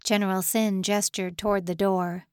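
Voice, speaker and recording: A woman narrating a suspense novel in a measured, even reading. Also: mid-range voice, clean tone, no room sound, studio quality. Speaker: audiobook narrator. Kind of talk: scripted narration.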